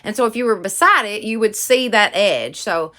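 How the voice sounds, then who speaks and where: A woman's voice: mid-range voice, lively intonation, moderate pace, pushed and bright. A woman in her thirties with a Southern US accent, chatting casually and gushing to viewers in a craft vlog. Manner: bubbly, gushing, folksy. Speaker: craft vlogger.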